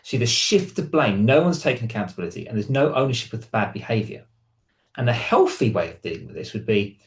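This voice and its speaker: A man's voice: mid-range voice, expressive, fast talker, roomy sound. A man, a hypnotherapist, explaining to camera and reading example lines in different tones. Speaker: hypnotherapist and relationship counsellor.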